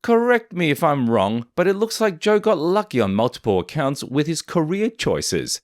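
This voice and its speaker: A man's voice: fairly high pitch, big pitch swings, moderate pace, no room sound, clean studio sound. A man reading a scripted commentary voice-over in a snarky, opinionated way. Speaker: commentary narrator.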